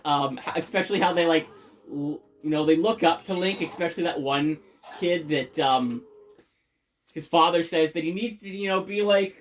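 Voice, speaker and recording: Swearing, rambling game reviewer. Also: medium pitch. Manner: rambling, swears constantly, many fillers and restarts; enthusiastic. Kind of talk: casual spoken game review.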